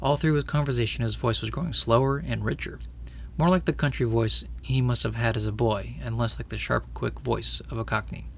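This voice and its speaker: A man narrating a storybook aloud with steady, expressive storytelling. His voice is gravelly and sits at a middling pitch. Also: fairly quick, a little hiss or hum. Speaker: audiobook reader.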